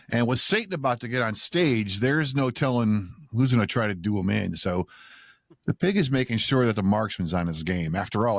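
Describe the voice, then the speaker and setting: A man's voice: fairly low pitch, no room sound. A man hosting a podcast, recapping the story and asking the cast questions. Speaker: podcast host.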